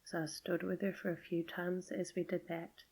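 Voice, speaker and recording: A middle-aged woman hosting a podcast, gently telling a personal story in a soft, often half-whispered voice. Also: fairly low pitch, level tone, moderate pace, vocal fry, low-quality recording. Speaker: podcast host.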